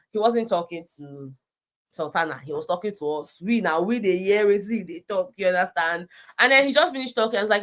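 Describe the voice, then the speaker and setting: A woman with a Nigerian accent chatting through a casual recap vlog, animated, peppering her talk with "you know" and slipping into Pidgin. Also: mid-range voice, a little fast. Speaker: reality show recap vlogger.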